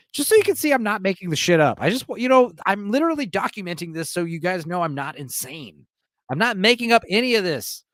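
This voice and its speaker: A man's voice: sits high, sing-song, brisk, a bit bright, no room sound, studio quality. A man streaming alone, giving a casual, profane movie recap and laughing often.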